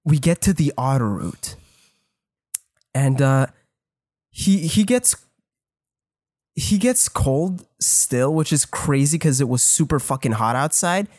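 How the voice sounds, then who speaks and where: A man's voice: mid-range voice, dry recording, studio quality. A man co-hosting a podcast, telling a story in casual chat, swearing constantly and acting out what people said. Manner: heavy swearing, excited retelling, acts out quotes. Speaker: podcast co-host.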